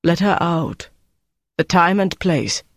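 Icy gestapo officer, narrator doing him, clipped slow orders, dry close read. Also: mid-range voice, animated, no room sound. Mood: menacing. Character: cold ruthless male Gestapo interrogator.

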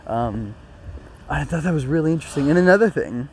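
A man's voice: fairly high pitch, lively intonation, a little fast, darkish tone, a little hiss or hum. A young man with a sore throat giving a casual spoken review of an anime episode, rambling earnestly with many fillers and restarts. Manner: earnest and emotional.

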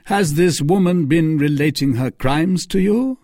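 A stern, suspicious nobleman with a sardonic bite, as a male reader puts him on, measured and slow. The voice is husky and dry, close to the mic with no room sound. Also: a little high, warm tone, no echo, pitched above the performer's own voice. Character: stern suspicious English nobleman, middle-aged jailer. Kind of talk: audiobook character voice.

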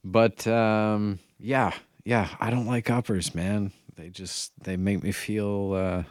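A man with a very low voice rambles slowly, losing his thread and correcting himself. The sound is dry and close. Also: steady tone, a little mellow, no room sound. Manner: meandering, trailing off, self-correcting. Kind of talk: rambling casual chat.

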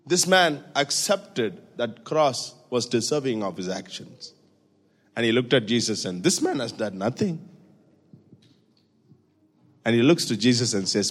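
A man preaching a sermon in a church, swinging from hushed, intimate passages to loud, high-pitched exhortation. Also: sing-song, a little slow, pauses often. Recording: reverberant church hall.

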